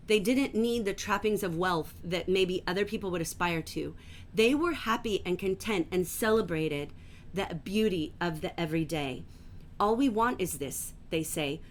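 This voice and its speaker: A woman teaching a livestreamed literature class from home, enthusiastic and gently emphatic, reading passages aloud slowly. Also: mid-range voice, a little hiss or hum.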